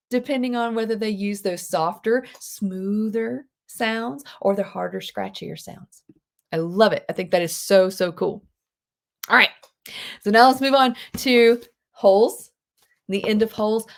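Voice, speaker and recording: A woman teaching a live online English class, chatty and expressive, with unhurried explanations. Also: mid-range voice. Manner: chatty, expressive, reads lines aloud dramatically. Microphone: video call.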